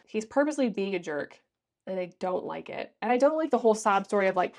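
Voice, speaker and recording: A woman's voice: medium pitch, quick pace. A woman reviewing a book on her vlog, recapping the plot in a sassy, exasperated way and acting out the characters' lines. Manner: animated, acts out characters' lines.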